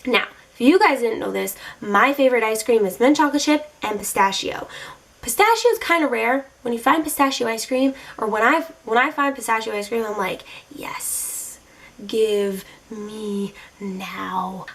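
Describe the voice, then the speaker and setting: A young woman vlogging from home, her voice a touch higher than most. She tells her dating stories casually straight to camera, animated, sassy and openly exasperated. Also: a little fast, gravelly.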